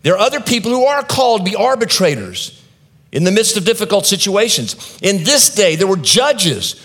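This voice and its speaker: A man's voice: high-pitched, big pitch swings, normal speed, fairly bright tone. A man preaching a sermon as pastor, reading scripture aloud and then explaining it in a conversational way, stretching key words for emphasis.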